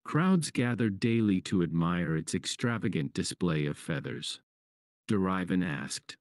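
A man with a very low voice narrates a fable in a calm, measured way. His delivery moves widely up and down, and the recording is close and dry. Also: no room sound. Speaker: storyteller. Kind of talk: scripted story narration.

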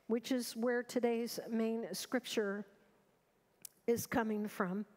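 High-voiced woman pastor preaching slowly. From United States. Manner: earnest, urgent emphasis with rhetorical questions. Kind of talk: sermon. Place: large church sanctuary. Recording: long reverb of a church hall.

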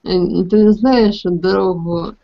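A woman student translating a story aloud in an online class, hesitant and full of pauses and fillers. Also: on the low side, vocal fry. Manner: hesitant, many fillers and restarts. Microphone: video call. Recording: dull lo-fi online call audio.

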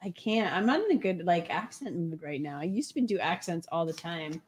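A woman's voice: on the low side, lively intonation, normal speed. A woman co-hosting a casual livestream, reading chat comments aloud and joking around in a playful, giggly way.

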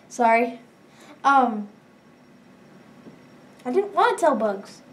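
A woman talking through her gameplay in a casual, chatty way, her voice fairly high. She sounds a little far from the mic, and her remarks often trail off into mumbles. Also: sing-song, extremely slow. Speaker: let's play gamer.

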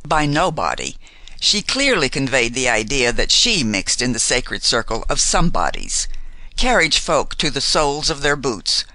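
A male narrator reads a period novel in a measured, formal way. His voice is bright, and his pitch rises and falls freely. The recording is close and dry. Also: sing-song, no room sound. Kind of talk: audiobook narration.

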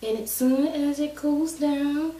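A woman's voice: high-pitched, takes it slowly, warm tone, far from the mic. Breathless woman chatting in a kitchen. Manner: chatty and folksy, talks straight to viewers. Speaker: cooking vlogger. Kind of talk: casual cooking demonstration. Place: home kitchen. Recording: roomy kitchen, mic set back.

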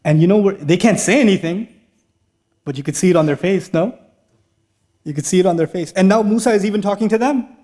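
A middle-aged man giving a lively, humorous lecture to a live audience in a large mosque hall, telling stories with jokes and laughs. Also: high voice, fairly quick, pauses often. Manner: animated storytelling with humor and laughs. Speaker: speaker giving an Islamic talk.

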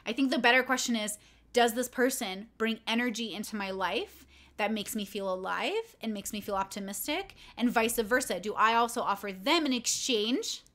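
A young adult woman, a content creator and streamer, casually shares a personal story on a livestream. Her voice is slightly high and somewhat bright, and she rambles candidly with lots of fillers.

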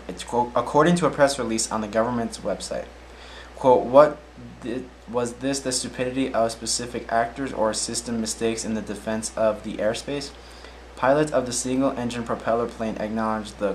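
A man's voice: lowish voice, fairly even intonation, moderate pace, a little hiss or hum, rough recording. Man reading odd news, stumbling. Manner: stumbles over names, reads aloud then comments. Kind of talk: casual news reading with asides.

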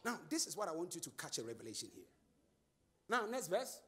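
High, lively, gravelly-voiced male preacher. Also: brisk. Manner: call-and-response preaching, shouts and chants phrases. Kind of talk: sermon.

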